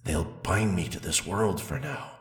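In this adult audio role-play, a man voices a seductive male demon spirit inhabiting a man's body. He speaks in a slow, low, intimate murmur, yet sounds animated, and there's a roomy quality to the audio.

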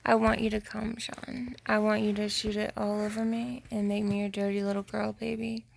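A woman recording an intimate voice message to her partner, talking in a slow, teasing way that slips into whispers. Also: level tone, gravelly, slight background noise. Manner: slow, low-key and teasing, slipping into whispers.

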